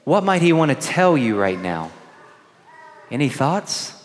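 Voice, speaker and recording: Slow-speaking priest in a reverberant church. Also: male voice, on the high side, very animated, slight background noise. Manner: slow, gentle, questioning the children. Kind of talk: homily to children. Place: large church.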